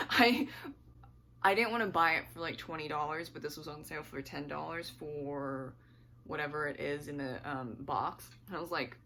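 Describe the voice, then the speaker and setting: A woman's voice: deep voice, sharp tone, slight background noise. A woman book vlogger chatting casually to camera at home, rambling and laughing often, her voice slightly worn.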